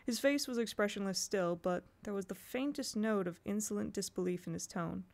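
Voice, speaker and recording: A woman reading a storybook aloud in a steady, measured way. Her voice has a gravelly grain and sits at an ordinary middle pitch. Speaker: audiobook reader. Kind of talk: storybook narration.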